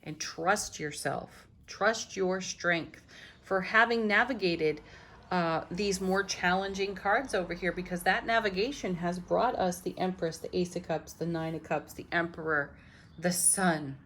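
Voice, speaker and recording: A woman giving a gentle, affirming tarot reading, moving from card to card. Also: lowish voice, measured pace, a little hiss or hum. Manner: gentle, affirming, laughs softly between cards. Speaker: tarot reader.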